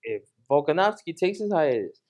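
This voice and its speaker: High-voiced animated man talking fights. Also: normal speed. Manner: animated, repeats himself, laughs often. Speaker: podcast co-host. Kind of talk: casual fight analysis chat.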